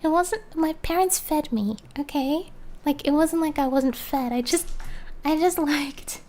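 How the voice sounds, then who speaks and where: Young female streamer, chatty and giggly, rambles while drawing; high, warm tone. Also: unhurried. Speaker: streamer and artist. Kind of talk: casual live-stream chat. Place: home, background noise heard. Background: faint lawnmower noise.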